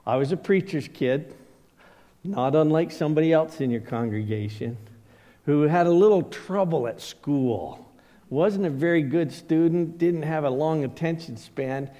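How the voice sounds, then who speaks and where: A man's voice: a little high, a little slow, dark tone, in a large hall. A middle-aged man preaching a sermon as a pastor, telling personal stories and acting out the voices of people he quotes. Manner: storytelling, acts out quoted voices.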